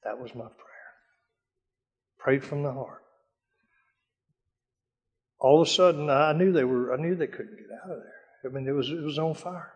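An older man giving a dramatic sermon-style testimony, telling stories from his past with a hushed voice during the prayers. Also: a little high, quick pace, hardly any pauses, slightly rough. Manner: dramatic storytelling, drops to a hush for prayers. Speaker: speaker telling war stories. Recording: long hall reverb.

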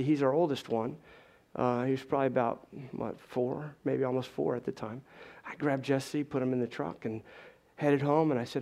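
A man's voice: medium pitch, steady tone, normal speed, a little mellow. A middle-aged man telling an audience an emotional personal testimony, earnest and urgent. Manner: earnest, urgent, intense retelling. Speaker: speaker giving a personal testimony.

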